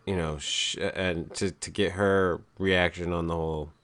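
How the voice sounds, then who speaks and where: A man hosting a casual webcast, speaking in a calm, low-key radio-style delivery that rambles with fillers and the odd swear. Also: unhurried. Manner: rambling, with frequent fillers and profanity. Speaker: podcast host.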